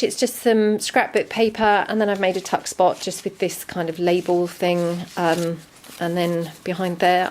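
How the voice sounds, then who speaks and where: Woman, crafter, low-pitched, chatty show-and-tell with ums, faint hiss behind. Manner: chatty, relaxed, frequent ums. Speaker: crafter showing a handmade junk journal. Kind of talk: casual show-and-tell narration.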